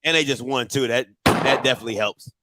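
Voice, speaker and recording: A man hosting a live stream, reacting loudly and excitedly to video clips. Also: medium pitch, fast talker, very noisy. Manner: excitable, shouting and laughing at clips. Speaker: host.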